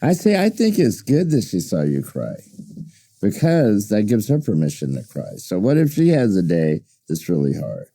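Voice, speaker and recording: A man's voice: lowish voice, huge pitch swings, normal speed, warm tone. A man co-hosting a podcast, talking in a supportive, reflective way and offering his opinions. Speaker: podcast co-host. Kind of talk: casual podcast chat.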